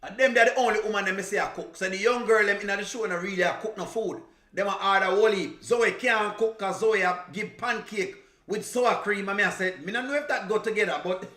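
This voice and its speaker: A man from Jamaica, a reaction streamer, talks a little fast in a high, sharp voice that echoes around the room. Speaking casually with a Jamaican accent on a live stream, he teases, laughs and lapses into patois.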